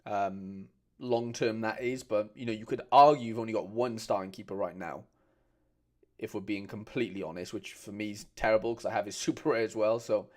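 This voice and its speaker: Hosting a casual stream, a man reads viewer comments aloud and chats with the audience, calling them mate throughout. His voice is on the low side and he talks fairly quickly.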